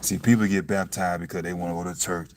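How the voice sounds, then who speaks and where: A young man musing on faith in a casual, blunt, profane monologue, breaking into loud laughs and saying "you see what I'm saying" again and again. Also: low-pitched, steady tone, quick pace, a little hiss or hum. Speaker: self-styled preacher vlogger. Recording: dry, from a distance to the mic.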